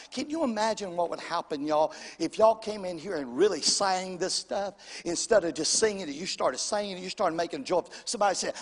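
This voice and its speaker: A man's voice: high voice, lively intonation, a little fast, slightly rough. A man preaching a fervent sermon in a church, repeating phrases and calling the congregation to respond. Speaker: pastor. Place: church sanctuary. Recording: long reverb of a large church hall.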